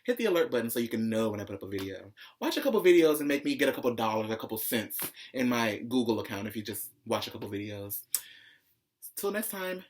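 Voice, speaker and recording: A man hosting a pop-culture commentary vlog, talking in a sassy, profane, opinionated way and jumping higher in pitch when excited. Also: fast talker, slight background noise. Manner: profane, sassy, calls viewers "child"; opinionated ranting, swings high when excited. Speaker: vlog host.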